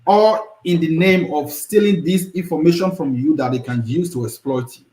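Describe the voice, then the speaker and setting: A man's voice: on the high side, normal speed, darkish tone. A man, a guest expert, explaining things patiently in an interview and often adding "you know" and "yeah". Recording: echoey room.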